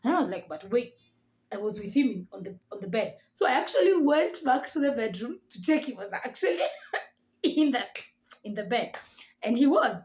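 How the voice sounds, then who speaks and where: A woman with a Kenyan accent, telling a story straight to camera. Her voice sits a little high, and she acts out every line of dialogue with a lot of life. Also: very animated, normal speed, a little mellow. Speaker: vlogger.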